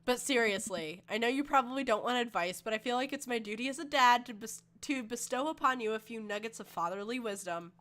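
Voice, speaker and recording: A woman reading as a gentle caring dad. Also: fairly high pitch, lively intonation, a little fast, hardly any pauses. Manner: soft earnest advice-giving.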